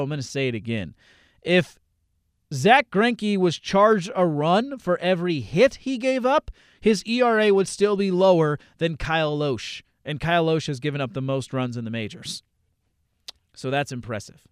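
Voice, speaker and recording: A man with a slightly high voice hosts a fantasy baseball show, running through player numbers in a brisk list. He drops deadpan asides between the stats. The recording is close and dry, with no room sound. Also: clean tone, dry recording. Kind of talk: stats rundown on a podcast.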